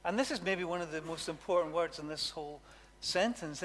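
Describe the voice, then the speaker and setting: A man preaching a sermon, animated and emphatic, repeating words for effect. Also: a little high, fairly quick, in a large hall, a little hiss or hum. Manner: animated, emphatic, with dramatic repetition.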